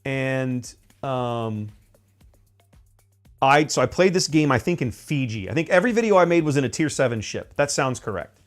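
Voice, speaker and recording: A man's voice: mid-range voice, lively intonation, normal speed, soft background music. A man chatting casually on a stream as he paints miniatures, rambling with many fillers and restarts.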